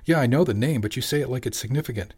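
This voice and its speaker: A man's voice: mid-range voice, very fast, darkish tone, breathy edge, lightly acted. A man voicing a wry young woman deckhand.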